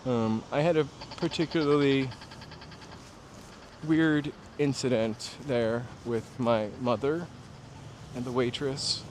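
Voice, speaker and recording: A mid-range, darkish voice with fairly even intonation and a slow pace belongs to a New Hampshire man hosting a walking livestream at night. He rambles through nostalgic stories and talks to viewers on a city street, over passing cars and city ambience.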